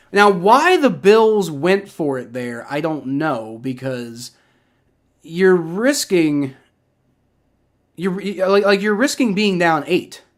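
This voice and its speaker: This livestream sports reaction host is a man from Ohio who speaks with a Southern accent and a fairly high pitch. He reacts to a football game live, giving rambling, excitable play-by-play and swearing whenever he gets frustrated.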